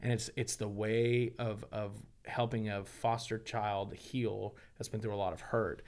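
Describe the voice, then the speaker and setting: A man's voice: on the low side, measured pace. A pastor and foster father in casual podcast conversation, telling stories animatedly and acting out what people said. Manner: animated storyteller, acts out quoted dialogue.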